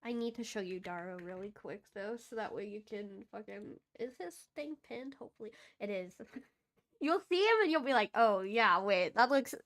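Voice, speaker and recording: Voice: mid-range voice, expressive, normal speed, a bit bright. A VTuber chatting casually on a game stream, playful and giggly, laughing often between remarks.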